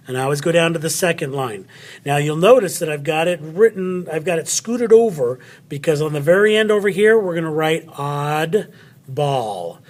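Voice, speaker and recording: A man teaching a recorded spelling lesson to children, chatty and friendly, talking straight to his students. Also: on the high side.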